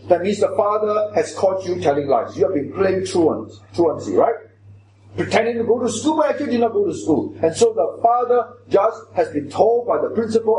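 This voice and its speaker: Man, preacher, high voice, emphatic, echoey hall. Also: a little mellow, slight background noise. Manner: emphatic, questions the congregation directly. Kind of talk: sermon. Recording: echoey hall with faint ambience.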